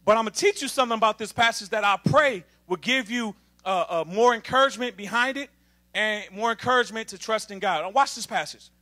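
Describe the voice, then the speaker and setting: A man preaching an emphatic sermon to a congregation, calling for responses from the pews and building up to shouting. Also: sits high, fairly quick. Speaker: assistant minister.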